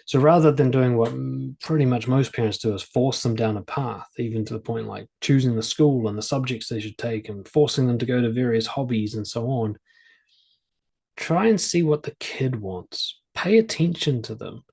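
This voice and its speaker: A man with a slightly husky voice sitting at middle pitch gives parenting advice straight to camera. He keeps it casual and plain-spoken and leans on everyday family examples. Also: moderate pace, darkish tone. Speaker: parenting and confidence coach.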